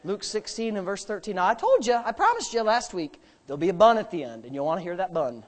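A male pastor preaching with great emphasis, his pitch rising and falling widely. He fires rhetorical questions and swings from quiet, confiding asides to shouted peaks. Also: sing-song, quick pace. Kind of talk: sermon.

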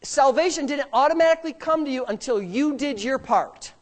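Male pastor, church sermon, emphatic, loud bursts and quiet asides, joking. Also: lively intonation, fairly quick. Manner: swings between loud bursts and low asides. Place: church sanctuary.

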